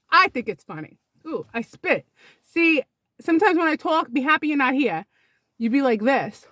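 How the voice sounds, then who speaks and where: A woman's voice: high-pitched, fairly bright tone, no room sound. A middle-aged woman doing a chatty comic monologue, telling stories and acting out the dialogue. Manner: chatty, storytelling, acts out quoted dialogue. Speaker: comedian. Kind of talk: casual comedic monologue.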